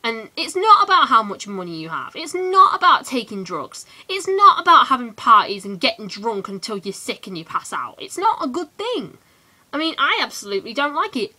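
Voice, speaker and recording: A teenage woman from England ranting in a casual vlog, animated and full of quick asides. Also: a little high. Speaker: vlogger.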